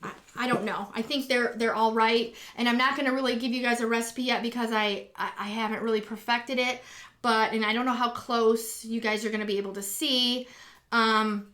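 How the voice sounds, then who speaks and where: Woman host, higher voice, rambling live-stream chat from home, excitable with viewers. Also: moderate pace, slight background noise. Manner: chatty and rambling, many ums and restarts; excitable and gushing when greeting viewers. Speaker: live stream host and acrylic pour artist. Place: home, indoors.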